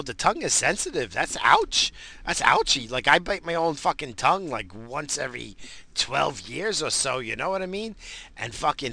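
A man who is high rambles through a profane, slang-heavy comic rant. His voice is gravelly with plenty of fry. The tone is hard-edged and very bright. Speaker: commentator.

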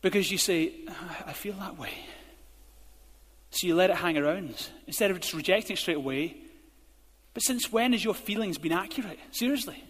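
A man preaching a sermon as a pastor, speaking emphatically and building to forceful urging. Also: high-pitched, brisk. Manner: emphatic, rising to forceful exhortation. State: out of breath. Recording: hall reverb.

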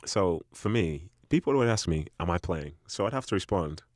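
A young man with a deep voice, telling stories about his football days in a relaxed, chatty way on a podcast mic. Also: moderate pace, no room sound, clean studio sound. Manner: relaxed anecdotal, often quoting with a low voice. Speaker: former footballer guest. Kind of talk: casual storytelling chat.

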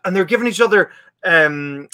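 A young man in casual chat, telling a story with animated asides and acting out what he said back then. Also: high voice, brisk, dry recording. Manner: animated storyteller, acts out his own past lines. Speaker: podcast guest.

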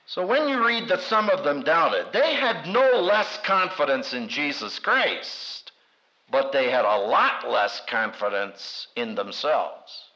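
A man's voice: big pitch swings, slow, bright, forceful tone. A man preaching a sermon with dramatic delivery and humorous asides, acting out quoted voices. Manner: dramatic, acts out quoted voices with big pitch swings. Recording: dull lo-fi recording.

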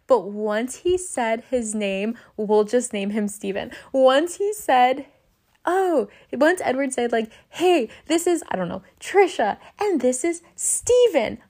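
Young woman rambling through an embarrassing story, kinda high voice, lots of swearing and acted-out panic. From Southern California. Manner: animated, swearing, reenacts her own panic in quotes. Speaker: podcast host. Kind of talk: casual storytelling.

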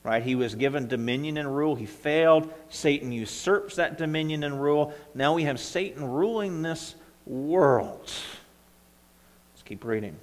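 Male pastor, slightly high voice, chatty sermon delivery with frequent check-ins, recorded in a reverberant church hall. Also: normal speed. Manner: conversational preaching, frequent "right?" and "okay?" checks.

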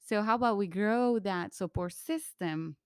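A woman from Colombia telling a candid personal story in conversation, lively when she quotes others. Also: mid-range voice, unhurried, smooth, no room sound, studio quality.

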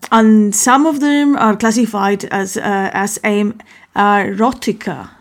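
A woman's voice: medium pitch, fairly even intonation, slow. A woman hosting a casual solo talk, rambling and often correcting herself.

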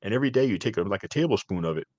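A middle-aged podcast host talks in a loose, rambling way, peppering his sentences with "man" and "dude". His voice sits on the low side and sounds close and dry, with no room around it. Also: rapid-fire, no echo, dull audio. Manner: rambling, animated storytelling with frequent "man" and "dude". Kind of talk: casual chat.

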